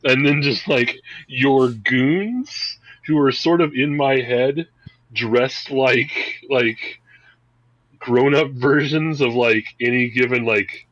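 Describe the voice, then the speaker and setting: A man's voice: medium pitch, slow pace, fairly bright tone. A man narrating as game master of a tabletop game, in a loose, rambling way full of "like" and "um". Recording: dull, lo-fi podcast audio.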